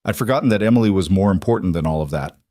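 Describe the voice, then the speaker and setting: A man's voice: low-pitched, racing, dark tone, dry recording, lightly acted. A man doing a humbled wealthy older father. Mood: earnest.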